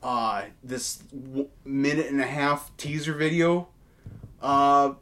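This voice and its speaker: A man's voice: mid-range voice, level tone, takes it slowly, fairly bright tone. A man co-hosting a casual wrestling news podcast, talking with many fillers and false starts. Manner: hesitant, many fillers and restarts. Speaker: podcast co-host.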